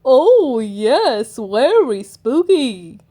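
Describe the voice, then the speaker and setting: A woman's voice: high-pitched, very animated, very slow, warm tone, heavily acted. A woman voicing a playful, jolly old grandfather pig in a storybook read-aloud.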